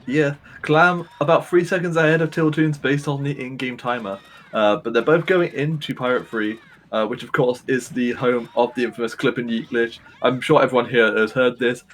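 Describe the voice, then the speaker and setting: A man's voice: medium pitch, steady tone, moderate pace. A man casually commentating a live speedrun race, joking and chatty with frequent laughs.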